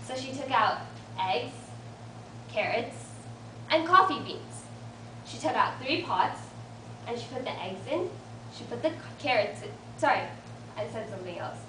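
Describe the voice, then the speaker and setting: A woman's voice: on the high side, expressive, moderate pace, pauses often. A young woman in her late teens giving an earnest motivational talk to a support group, telling a story with a light touch of humor about herself. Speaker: invited student speaker. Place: meeting room of a support group. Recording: roomy, distant mic with faint room noise.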